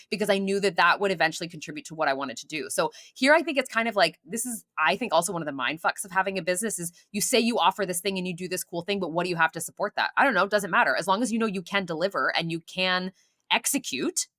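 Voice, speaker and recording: An enthusiastic young woman tells stories as a guest on a podcast interview, repeating phrases to drive her points home. She speaks quickly, and her pitch rises and falls a lot. The sound is close and dry. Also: lively intonation, sharp tone, no room sound. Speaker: podcast guest, marketing mentor. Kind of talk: casual interview chat.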